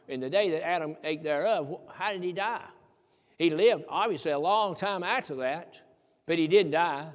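Older preacher man in an echoing hall. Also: a little high. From Tennessee. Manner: folksy, emphatic preaching with rising fervor and chuckles. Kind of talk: sermon. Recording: long reverb of a church hall.

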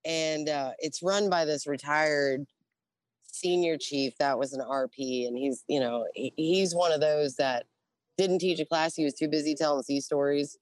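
A woman's voice: low-pitched, measured pace, dry recording. Profane middle-aged woman spinning yarns. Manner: profane, animated, acts out dialogue. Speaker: guest, former Navy religious program specialist. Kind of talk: casual storytelling.

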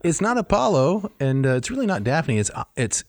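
A man co-hosting a conversational discussion of classical literature, explaining in a measured way with dry, wry humor. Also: a little high, sing-song, no room sound. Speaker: co-host.

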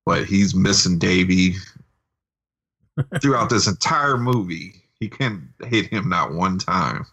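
A man's voice: low-pitched, expressive, slow pace, bright, forceful tone, slightly rough, lo-fi sound. A man co-hosting a casual podcast, adding dry nitpicking remarks about a movie. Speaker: podcast co-host.

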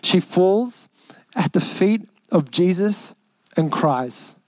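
A young man with an Australian accent preaching a sermon as pastor, earnest, repeating lines for emphasis and slowing down on key phrases. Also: sits high, animated, darkish tone, dry recording.

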